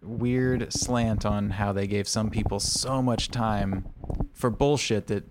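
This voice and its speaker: A man co-hosting a casual recap podcast, sardonic, with quick asides. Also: on the low side, steady tone, noisy background. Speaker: podcast co-host.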